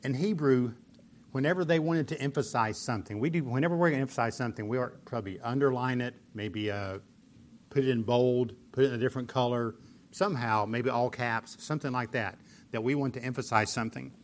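A man's voice: mid-range voice, fairly quick, a little hiss or hum. A man preaching a sermon, explaining scripture earnestly and pressing points with emphatic repetition. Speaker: pastor.

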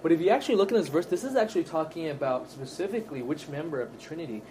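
Man, Bible study teacher, slightly higher voice, earnest, emphatic, faint background noise. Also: lively intonation, rapid-fire, a little mellow. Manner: earnest, emphatic, checks in with tag questions.

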